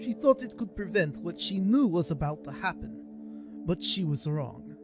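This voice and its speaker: A man voicing a serious, determined young male doctor in a horror game, reading in a measured, earnest way. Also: high-pitched, lively intonation. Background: game music.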